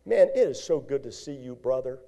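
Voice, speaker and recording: Animated man preaching a lively sermon. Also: medium pitch, brisk. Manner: animated preaching, acts out little scenes, shouts at peaks. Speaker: pastor.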